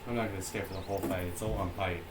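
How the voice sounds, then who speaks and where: A man's voice: low voice, steady tone, far from the mic, soft background music. A man dropping in on a friend's game stream with offhand, casual remarks from off to the side. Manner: offhand, unhurried remarks from across the room. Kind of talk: casual chat.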